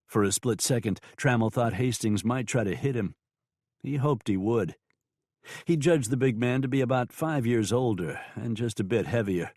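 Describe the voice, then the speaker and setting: A man narrating a western novel audiobook in a measured, even storytelling manner. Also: fairly low pitch, no room sound, studio quality.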